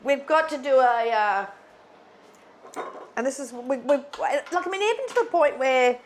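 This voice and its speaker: A woman co-hosting a stitching channel, chatting casually and rambling with many fillers and restarts, seated on a bed in a dark room. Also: high voice, lively intonation, slow, a little hiss or hum. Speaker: co-host of a stitching video channel. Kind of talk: casual chat. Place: dark bedroom, sitting on a bed.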